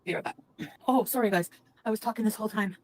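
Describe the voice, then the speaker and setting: A woman from Canada chatting casually on a livestream, reading viewers' comments and answering them softly. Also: medium pitch, fast, low-quality recording. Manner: soft, sympathetic, reads out viewer names. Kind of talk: casual live-stream chat.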